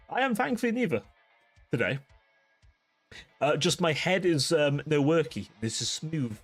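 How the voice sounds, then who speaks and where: A man's voice: on the high side, big pitch swings, moderate pace, pauses often, faint music behind. A young man hosting a live stream, chatting casually with his chat, rambling and laughing at himself. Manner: giggly, rambling, self-deprecating. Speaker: livestream host.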